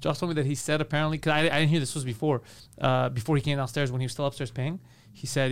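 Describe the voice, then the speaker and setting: A man's voice: a little high, quick pace, clear, resonant tone. A man co-hosting a podcast, telling comic stories in casual chat and acting out the people in them. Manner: animated storytelling, acts out quotes. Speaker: podcast co-host.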